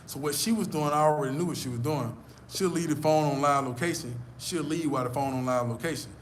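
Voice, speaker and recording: A man's voice: fairly high pitch, quick pace, noisy background. Emphatic, profane man. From United States. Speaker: vlogger. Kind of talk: casual storytelling rant.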